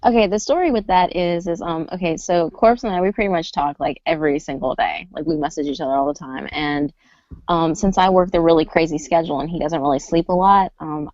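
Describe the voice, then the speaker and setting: A woman chatting on a live stream as a guest storyteller, talking fast and breaking into sudden high, excited bursts. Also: no room sound. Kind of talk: casual stream chat. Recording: dull lo-fi voice call audio.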